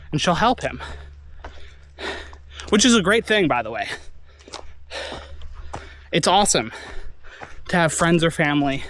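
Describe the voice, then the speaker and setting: Slow, teary man reflecting aloud. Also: on the high side, a little hiss or hum. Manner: halting, soft, with long pauses and apologies. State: teary and sniffling. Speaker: vlogger. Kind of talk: reflective personal monologue.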